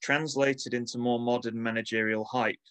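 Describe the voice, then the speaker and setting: A man's voice: mid-range voice, steady tone, normal speed, a bit bright, clean tone, no room sound, rough recording. A man co-hosting a casual chat, reading passages from a book aloud and riffing on them wryly, with an accent close to Manchester. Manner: wry, reads aloud then riffs. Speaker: podcast co-host reading from a book.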